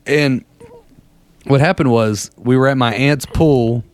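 A man in his thirties or forties tells rambling, profane stories in a casual chat, laughing at them as he goes. His voice sits at a medium pitch with a darkish tone and a slow pace, and there's no room sound.

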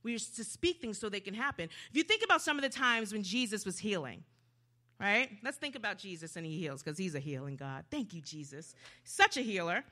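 A woman preacher giving a sermon, swinging dramatically from hushed to loud. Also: mid-range voice, sing-song, moderate pace.

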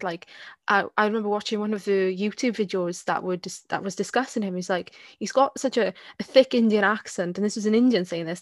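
A podcast co-host on a casual discussion show, this woman speaks hesitantly, restarting often, repeating words, and frequently saying "you get what I mean." Her voice is mid-range and the recording is dry.

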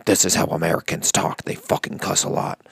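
A man's voice: low-pitched, level tone, brisk, gravelly, fairly bright tone, breathy edge, no echo, clean studio sound, exaggerated voice. A man doing a smug over-enunciating British star. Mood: mock-earnest. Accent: put-on British. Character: mock-posh British male movie star, smug.

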